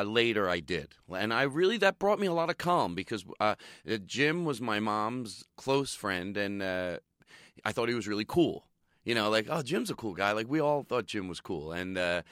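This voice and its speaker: Male comedian, middle-aged, low-ish and dry, animated and self-mocking storyteller. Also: no room sound. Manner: animated, self-deprecating, laughs often. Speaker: comedian guest. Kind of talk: candid interview talk.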